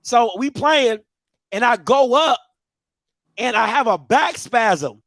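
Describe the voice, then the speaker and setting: High-voiced man telling funny stories. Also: slow, dry recording. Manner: animated, rambling storyteller. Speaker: podcast co-host. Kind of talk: comedic storytelling.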